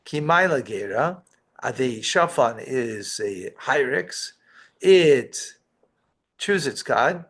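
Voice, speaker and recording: A man's voice: mid-range voice, expressive, slow pace, fairly bright tone. A man teaching a line-by-line text study, reading each phrase and explaining it with rhetorical questions. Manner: reads Hebrew phrases then explains in English, with asides and rhetorical questions. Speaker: rabbi teaching Torah.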